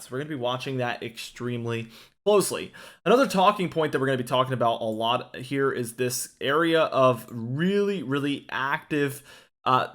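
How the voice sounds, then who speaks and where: A man giving a casual weather forecast over maps, relaxed and talkative, with frequent fillers and restarts. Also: medium pitch.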